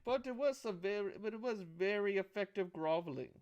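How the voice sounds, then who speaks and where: A man narrating a tabletop game as game master, halting and restarting phrases as he goes. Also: high voice, lively intonation, a little mellow, clean tone, dull audio.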